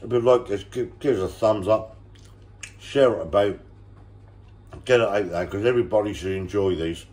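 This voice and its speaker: A man presenting a casual home cooking video, relaxed and enthusiastic about the food. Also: on the low side, moderate pace, long pauses.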